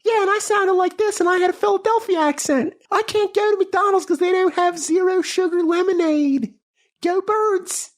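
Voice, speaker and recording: A man's voice: very high voice, steady tone, moderate pace, voice pushed up. A man voicing a chirpy young boy, his own childhood self, in a comedy sketch.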